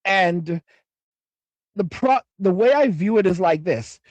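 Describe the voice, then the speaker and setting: A man in his forties runs a casual livestream, ranting bluntly and profanely with lots of restarts and rambling. He speaks slowly in a high, expressive voice, and there's no room sound.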